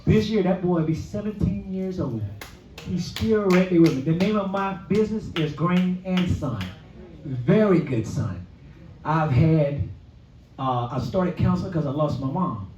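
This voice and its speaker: A man in his forties telling his life story at a luncheon, with a lively storytelling style that swells into exclamations. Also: on the high side, a little slow, slight background noise. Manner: storytelling, preacher-like, rising to exclamations. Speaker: guest speaker. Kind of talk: personal testimony. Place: event hall at a luncheon. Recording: echoey room from far off, dull sound.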